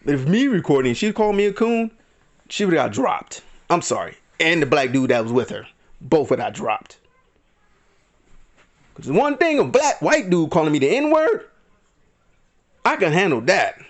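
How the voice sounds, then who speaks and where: Heated high-pitched man ranting. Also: big pitch swings, moderate pace, long pauses. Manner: heated, indignant, acts out quotes in mock voices. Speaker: vlogger. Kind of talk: ranting commentary.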